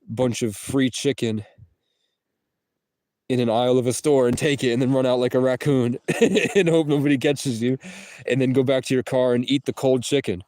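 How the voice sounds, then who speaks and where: A man's voice: mid-range voice, dark tone, no room sound. A man rambling through a profane, jumpy livestream monologue from his parked car and the street around it. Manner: rambling, profane, jumps between topics.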